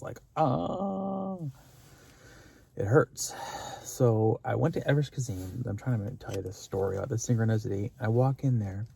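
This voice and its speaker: A vlogger tells a story in a rambling, gushing way, with many fillers and restarts and an earnest, spiritual tone, in a casual storytelling vlog. The voice is medium-pitched, mellow and slightly rough, with vocal fry.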